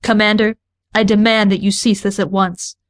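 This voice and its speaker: A woman's voice: medium pitch, level tone, moderate pace, close to an everyday voice. Woman reading as a defiant young man. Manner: firm, formal demands. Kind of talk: audiobook character voice.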